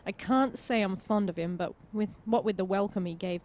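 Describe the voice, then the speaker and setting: A woman hosting a game playthrough, reading the story text aloud with expressive, storytelling delivery. Between passages she chats casually in a mid-range voice. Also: medium pitch, slight background noise. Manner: expressive storytelling narration, quick to laugh. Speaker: player and host of a game playthrough.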